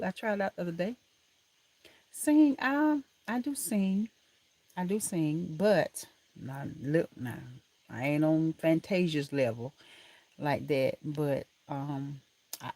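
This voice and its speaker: A woman's voice: low voice, animated, normal speed, mellow. A woman hosting a casual live stream from a room at home, chatting affectionately with viewers and laughing often. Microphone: laptop camera mic.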